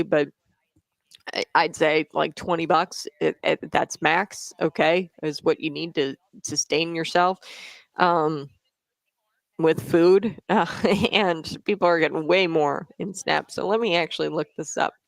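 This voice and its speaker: Female talk host, casual political commentary, raspy fry-edged voice, loose and chatty delivery. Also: sits low, no room sound. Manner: chatty, frequently tags "okay?"; stumbles over names.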